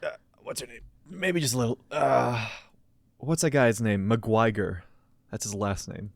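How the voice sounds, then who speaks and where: A man's voice: medium pitch, unhurried, vocal fry, no room sound, studio quality. Young man telling rambling comic stories. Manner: rambling, playful storytelling with many fillers. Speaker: podcast co-host. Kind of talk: casual comedic chat.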